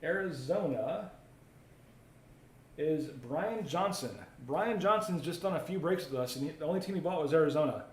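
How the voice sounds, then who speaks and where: A man's voice: on the high side, lively intonation, normal speed. A man hosting a live card break, chatting casually while opening packs and reading out viewer comments. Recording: roomy echo, faint ambient noise.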